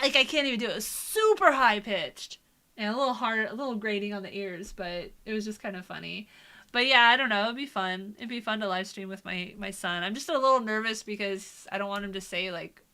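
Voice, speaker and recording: Bright-voiced woman chatting while editing. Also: mid-range voice. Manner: chatty self-talk, drops to quiet mutters. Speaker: content creator. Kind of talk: casual commentary while editing.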